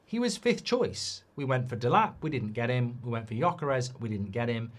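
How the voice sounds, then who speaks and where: A middle-aged man hosting a live football watchalong, reacting to the match and swearing loudly at poor defending. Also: medium pitch, animated, moderate pace. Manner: swears and rants at bad defending.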